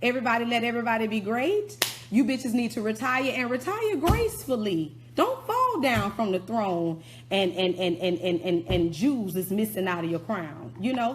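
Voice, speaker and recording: A woman's voice: fairly high pitch, a little hiss or hum. A middle-aged woman rapper giving a blunt, profane, scolding rant of a song review. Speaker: rapper turned commentator.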